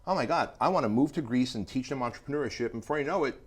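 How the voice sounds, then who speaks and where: A man's voice: medium pitch, very fast, husky. A middle-aged man, a guest on a podcast interview, telling stories and acting out quotes. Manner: animated storytelling, acts out quotes. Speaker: entrepreneur guest.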